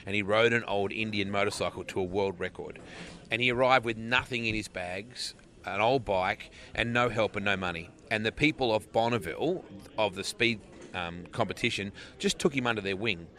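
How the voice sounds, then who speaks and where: Easygoing Australian man, bright voice. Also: on the low side, moderate pace. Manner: laughs often, easygoing and jokey. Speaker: race announcer, interview guest. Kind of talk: casual interview chat.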